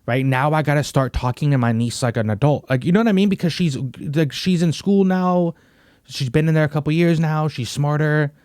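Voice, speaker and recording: This podcast host is a young man whose voice is a little high, brisk and smooth, with a darkish tone. He rambles through a casual, slangy chat loaded with "bro" and "you know what I mean," captured in clean studio sound without any room sound.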